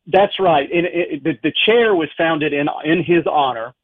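A man's voice: fairly high pitch, a little slow, dry recording. Folksy Southern man on a phone line. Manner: chatty, folksy, laughs easily. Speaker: philosophy professor, guest. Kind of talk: interview answers.

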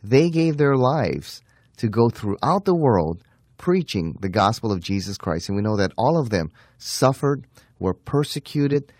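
A man giving an earnest apologetics talk, slowing down to stress key phrases. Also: medium pitch, a little mellow, dry recording, clean studio sound. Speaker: Christian apologist teacher.

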